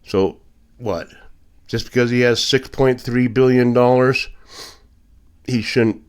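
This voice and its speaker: A man's voice: medium pitch, fairly even intonation, slow, clean tone. A man delivering a blunt, indignant opinion monologue as a podcast host, with sarcastic asides. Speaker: political commentator.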